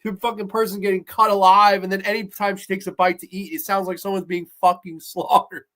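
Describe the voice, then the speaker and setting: A man hosting a horror review show, chatting casually and excitably, swearing freely and laughing as he retells episodes and reads viewer comments. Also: high-pitched, brisk. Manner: excitable, profane, laughing often. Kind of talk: casual livestream review chat.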